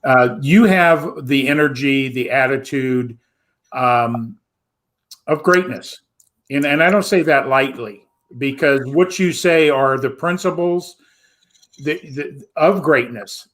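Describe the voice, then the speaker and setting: A man hosting a show over a video call, speaking in a measured, affirming way. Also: medium pitch, a bit bright. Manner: measured, affirming, praising guest. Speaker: show host. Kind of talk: interview chat.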